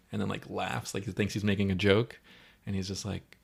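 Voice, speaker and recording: Gravelly man animatedly recapping a film. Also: low voice. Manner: animated retelling, acting out lines in quick quoted voices. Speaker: podcast co-host. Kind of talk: casual movie recap.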